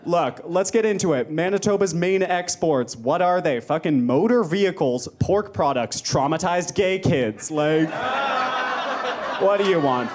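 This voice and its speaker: A woman doing a stand-up roast in a comedy club, sarcastic and deadpan as she lists facts. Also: on the low side, measured pace, a crowd in the background. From Nova Scotia, Canada. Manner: sarcastic, deadpan fact-listing.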